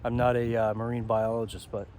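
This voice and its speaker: A man's voice: medium pitch, completely flat delivery, a little fast, a little mellow, a little hiss or hum. A man giving a rambling vlog monologue outdoors by a pond, often checking in with "okay?". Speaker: self-help vlogger.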